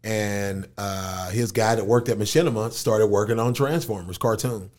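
A man's voice: fairly low pitch, moderate pace. A man who raps and does voice acting, telling a story in an interview in casual, slangy talk and acting out the voices of people he quotes. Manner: animated, acts out quoted voices. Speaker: rapper and voice actor.

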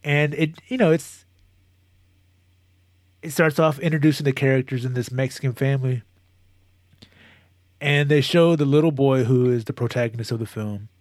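A man's voice: mid-range voice, normal speed, long pauses, no room sound. Guy rambling through a sweet story, restarts a lot, pretty dry sound. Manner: animated storyteller, many restarts, gets emotional. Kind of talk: casual chat.

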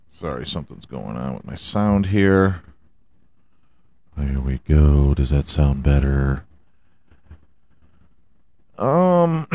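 A man chatting alone on his podcast, slow and unhurried, his pitch jumping around with animation. He rambles, jokes and swears freely, and the sound is close and dry with no room echo. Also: a little mellow. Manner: rambling, profane, jokey. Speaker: podcast host. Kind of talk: casual solo podcast chat.

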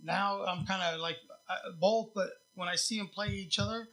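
High, bright-voiced blunt man. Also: fairly even intonation, normal speed. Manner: blunt, profane, rambling with fillers. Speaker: podcast host. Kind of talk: casual chat.

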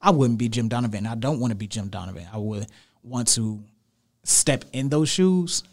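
A young man guesting on a podcast, talking sports in an emphatic, animated way and repeating phrases for weight. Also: mid-range voice, normal speed. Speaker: podcast guest, radio show host. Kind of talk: casual sports chat. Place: podcast studio.

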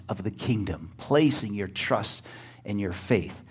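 A man's voice: medium pitch, lively intonation, measured pace, breathy edge. Emphatic preaching pastor, male. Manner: emphatic, rising to near-shouting exclamations; calls out to the congregation for response. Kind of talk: sermon.

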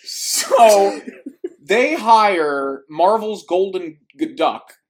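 A man with a slightly higher voice co-hosts a live movie podcast. He chats casually and jokes often. He cuts in on his co-host and riffs on the points. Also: animated, drawn-out words. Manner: joking, playful, talks over co-host. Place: home studio, live stream.

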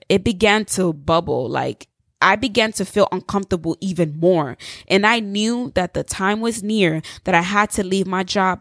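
A young woman telling a personal story in an emphatic, expressive, preachy way. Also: medium pitch, dry recording, clean studio sound. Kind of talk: personal testimony monologue.

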